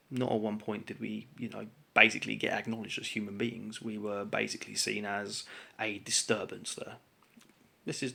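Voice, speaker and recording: A man's voice: medium pitch, vocal fry, a bit bright, slightly rough. A man telling a long, exasperated story to camera in a rambling, casual way, full of fillers. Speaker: vlogger telling a grievance story.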